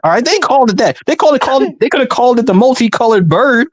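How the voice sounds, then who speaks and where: A man co-hosting a wrestling podcast, ranting in exasperated, quick outbursts. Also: very high-pitched, lively intonation, no echo. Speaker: podcast co-host. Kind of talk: casual podcast banter.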